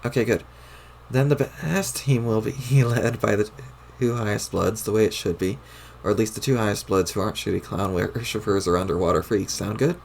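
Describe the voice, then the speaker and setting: A man's voice: lowish voice, moderate pace, creaky, darkish tone, a little hiss or hum. A man voicing a smug, scheming young female troll while reading a webcomic aloud, with a mocking tone.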